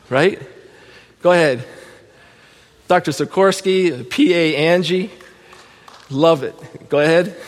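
A middle-aged man speaks to his congregation in a voice pitched a little high, laughing easily as he tells his testimony. His words carry a long reverb tail through the church hall. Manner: emotional storytelling, laughs often. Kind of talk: testimony sermon. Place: church sanctuary.

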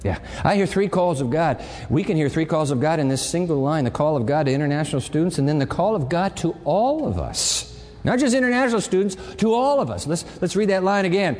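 Lively preacher man in a reverberant hall. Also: a little high, brisk. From raised partly in Japan. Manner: lively, conversational preaching with sudden swings from loud to quiet. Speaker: campus pastor. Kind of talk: sermon.

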